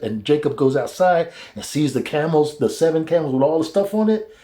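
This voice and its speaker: A man teaching a Bible study, retelling the story casually and acting out the characters in high, excited voices, laughing often. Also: normal speed.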